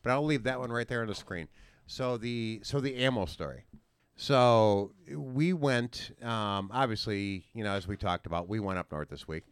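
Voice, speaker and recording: A man's voice: on the low side, moderate pace, clean tone, dry recording. A man hosting a casual podcast chat, rambling through stories with many restarts. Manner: rambling, with frequent restarts and fillers. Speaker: podcast host.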